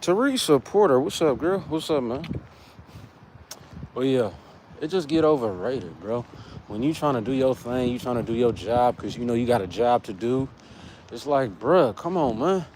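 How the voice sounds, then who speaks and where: A man's voice: medium pitch, darkish tone. Casting note: American man, laid-back slangy chatter to live viewers on a walk, faint street traffic behind. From United States. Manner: casual, slangy, talks to chat viewers. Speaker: fitness vlogger. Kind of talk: livestream chat while walking. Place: outdoors on an urban street, walking. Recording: faint traffic noise outside.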